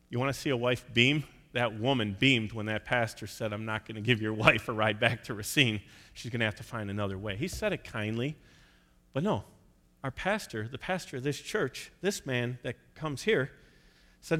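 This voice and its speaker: A man's voice: mid-range voice, expressive, moderate pace, bright, forceful tone, big-room sound. A man preaching a sermon, telling stories and acting out the voices of the people in them. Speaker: pastor.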